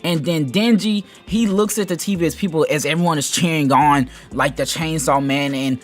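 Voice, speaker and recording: A man giving casual anime commentary, rambling and animated, with lots of fillers. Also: on the high side, normal speed, soft background music. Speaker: anime video host.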